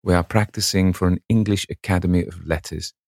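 A courteous, formal old gentleman, voiced by a man in a storybook reading, who speaks slowly and with old-fashioned politeness. The voice is very deep with a gravelly edge, recorded dry and close. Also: steady tone, no room sound.

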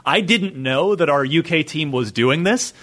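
A man hosting a gaming podcast, talking in an animated, chatty way. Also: fairly high pitch, measured pace. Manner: animated, chatty, plugs segments. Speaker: podcast host. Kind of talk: casual podcast chat.

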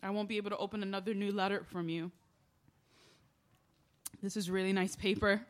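A woman in a stage play who speaks in a confiding monologue. She rambles with emotional feeling, her voice at a mid pitch. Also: flat delivery, a little fast. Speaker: lead character in a stage play.

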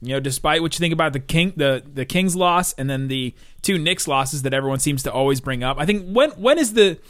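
A chatty man co-hosting a sports podcast, talking in a fairly high voice. He rambles with lively energy and laughs easily, and the sound is dry and close. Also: brisk, no echo. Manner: rambling, animated, laughs often. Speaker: podcast co-host. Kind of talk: casual sports podcast chat.

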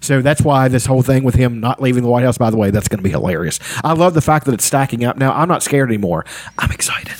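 Male co-host, lively pitch, opinionated, dry close sound. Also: fast, no room sound. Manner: animated, opinionated. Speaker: podcast co-host. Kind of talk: casual opinionated chat.

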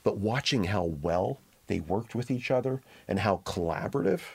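A man being interviewed as a guest reporter, telling stories in a measured, reflective way. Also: fairly low pitch, expressive, creaky, darkish tone, breathy edge. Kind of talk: conversational interview storytelling.

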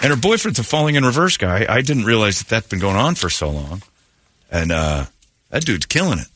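Jokey, animated male radio host. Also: fairly low pitch, fairly quick, crowd noise, background noise. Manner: jokey, rambling, laughs often. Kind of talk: morning radio banter. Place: radio studio.

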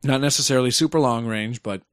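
A man's voice: mid-range voice, quick pace, clear, resonant tone, no room sound, studio quality. A man co-hosting a casual gaming podcast, rambling with many fillers and frequent laughs. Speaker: podcast co-host.

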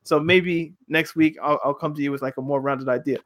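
A man in casual football chat with a co-host, animated and arguing his point through rhetorical questions. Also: a little high, a little fast. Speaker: podcast co-host.

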